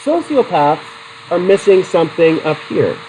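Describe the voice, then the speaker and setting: With a high voice and a slightly slow pace, a middle-aged man delivers a psychology lecture full of questions for the class and personal tales. He's animated throughout, though the rough recording carries a little hiss or hum.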